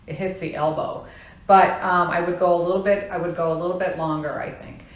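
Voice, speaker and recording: A woman's voice: fairly low pitch, fairly even intonation, a little fast. Woman, podcast co-host, casual storytelling, very roomy echo, faint hiss. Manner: chatty, tells stories with quoted lines. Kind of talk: casual chat. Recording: echoey room with faint noise.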